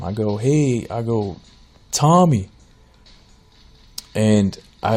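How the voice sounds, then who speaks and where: A man in his thirties with a lowish, somewhat dark-toned voice hosts a solo podcast. He tells a story casually and ramblingly, full of fillers and restarts.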